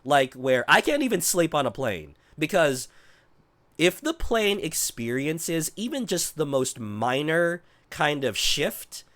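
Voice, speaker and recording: A man's voice: fairly high pitch, very animated, takes it slowly, a bit bright. A man in his thirties with a voice worn down by a cold, chatting casually with his viewers as a streamer, rambling, restarting sentences and swearing now and then. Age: 30s.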